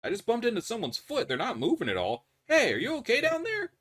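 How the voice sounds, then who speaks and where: A man's voice: very high voice, huge pitch swings, fast talker, fairly bright tone, breathy edge, voice pushed up, exaggerated voice. A man voicing a friendly young male prisoner, casual and encouraging as he talks a trapped man through it. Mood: reassuring.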